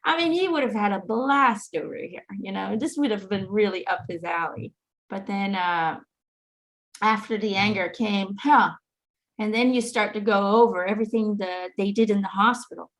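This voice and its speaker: Gravelly-voiced woman, earnest and reflective. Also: medium pitch, normal speed, fairly bright tone. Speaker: host. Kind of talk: casual heartfelt chat.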